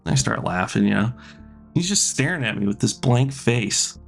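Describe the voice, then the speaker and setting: A man with a gravelly, creaky edge to his voice, performing a stand-up bit. He talks in an animated way and jumps between voices as he tells the story. Faint music sits underneath. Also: lowish voice, normal speed. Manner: animated, acting out both sides of a story. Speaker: stand-up comedian.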